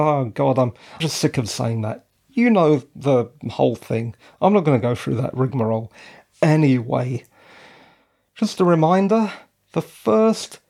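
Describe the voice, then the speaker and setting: Speaking in a fairly high voice with vocal fry and a darkish tone, a British man chats casually on his own podcast. He adds wry asides, and his voice cracks slightly now and then.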